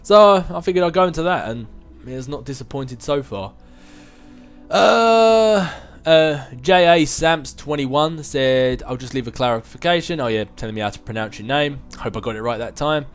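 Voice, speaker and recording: A man's voice: a little high, expressive, moderate pace, clear, resonant tone, faint music behind. A man in his twenties answering viewer questions in a casual chat, rambling, self-mocking and chuckling often. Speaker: gaming video host answering viewer questions.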